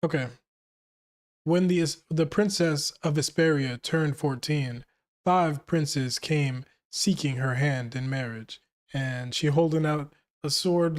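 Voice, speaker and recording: A man's voice: a little high, a little mellow. A young man hosting a casual manga reaction, reading the dialogue aloud and breaking off to joke and laugh.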